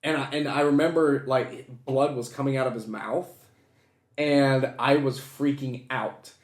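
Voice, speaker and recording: A man's voice: medium pitch, steady tone, unhurried. A young man telling a long, swear-filled anecdote in a casual chat and acting out the voices in it. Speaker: co-host. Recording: echoey room.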